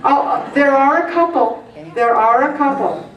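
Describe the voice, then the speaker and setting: A woman's voice: high-pitched, a little slow, lo-fi sound. A woman in her fifties giving a preachy motivational talk to a group, earnest, with humorous asides. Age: 50s. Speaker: weight-loss group leader. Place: meeting room with an audience. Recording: echoey room, voice from a distance.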